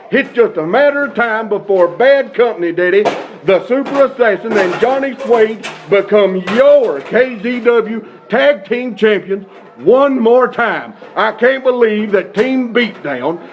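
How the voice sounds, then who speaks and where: A man's voice: very high voice, muffled recording. A man being interviewed as a wrestler, talking in a brash, hyped wrestling-promo style.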